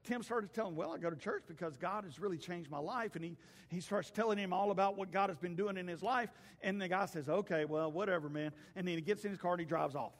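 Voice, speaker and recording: A man, a pastor giving a folksy, storytelling sermon that swings between loud calls and hushed asides. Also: high voice, fast. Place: church sanctuary. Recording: long hall reverb.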